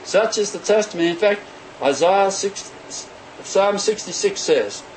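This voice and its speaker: A man preaching with a high voice that swings widely up and down, giving an animated sermon. He slips into the voices of the people he quotes. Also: unhurried, a little hiss or hum, rough recording.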